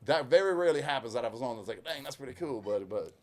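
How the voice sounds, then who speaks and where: A man with a Southwest Louisiana accent and a gravelly growl in his voice, telling a rambling, folksy story in casual chat as a country singer guest. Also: mid-range voice, lively intonation, very fast, darkish tone. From Lake Charles, Louisiana. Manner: rambling, folksy, self-interrupting. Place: inside a vehicle.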